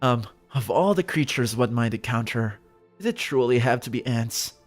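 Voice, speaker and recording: A man's voice: mid-range voice, lively intonation, normal speed, faint music behind, natural voice. A man voicing an earnest, nervous young man. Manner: earnest, slightly formal. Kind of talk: reading a game's dialogue aloud.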